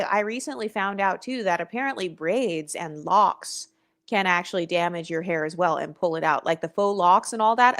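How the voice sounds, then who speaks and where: A woman's voice: medium pitch, a bit bright. A young woman hosting a casual livestream, talking bluntly and with attitude, swearing freely and reading viewer comments aloud. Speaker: livestream host.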